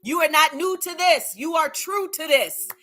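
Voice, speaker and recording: A woman's voice: high voice, normal speed, fairly bright tone. A woman hosting a casual livestream, reading viewer comments aloud and cheering them on with frequent laughter and repeated phrases. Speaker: livestream host.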